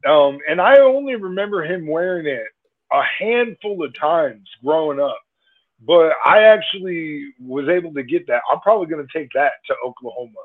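A man's voice: fairly high pitch, lively intonation, moderate pace. A man joining a podcast as a guest in casual chat, a laid-back, joking storyteller who laughs easily, heard over a tinny phone-like call line.

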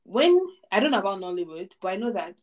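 Quick and animated, a woman with a mid-range voice discusses a film on a casual podcast she co-hosts. She speaks with emphasis, going over points again to drive them home in this relaxed movie review chat.

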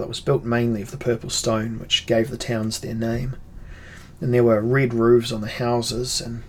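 A man narrating a fantasy audiobook in a measured, unhurried storytelling manner. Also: medium pitch, slight background noise.

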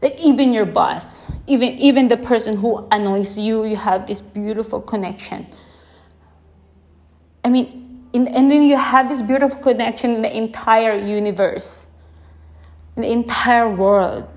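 This is a woman talking in a casual, reflective monologue, her voice sitting somewhat high. She speaks slowly and softly, lingering on her feelings. is a for her. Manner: slow, soft, emotional, with pauses and laughs.

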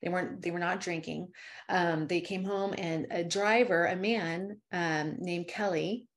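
Female interview guest, lower register, emotional storyteller who acts out every exchange. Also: unhurried. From California. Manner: animated, fervent storyteller with many asides.

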